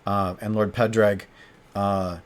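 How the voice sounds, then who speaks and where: A man playing a tabletop game solo, narrating as he thinks aloud, halting and restarting often. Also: lowish voice, flat delivery. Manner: halting, hesitant, frequent restarts.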